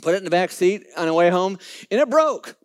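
Lively, higher-voiced man telling a faith story. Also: a little fast, a little hiss or hum. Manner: animated, acts out quoted dialogue, playful asides to the crowd. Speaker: Christian business speaker. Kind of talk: storytelling talk to a live audience.

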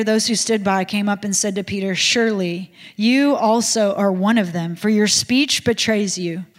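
Woman reading scripture in a reverberant hall. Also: mid-range voice. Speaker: scripture reader.

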